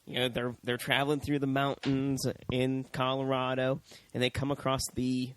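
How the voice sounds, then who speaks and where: A man co-hosting a movie review show in casual chat, animated and profane, often mimicking characters in high voices. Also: moderate pace, smooth, rough recording. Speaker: podcast co-host.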